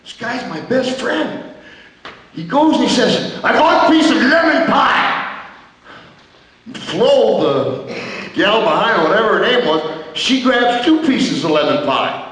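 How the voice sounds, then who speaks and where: A man's voice: high-pitched, sing-song, unhurried, a bit bright, exaggerated voice. An actor on stage playing a veteran male pro wrestler, telling a comic story in punchy, short dramatic beats. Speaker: stage performer. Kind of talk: theatrical storytelling monologue. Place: theater stage. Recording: echoey hall from far off.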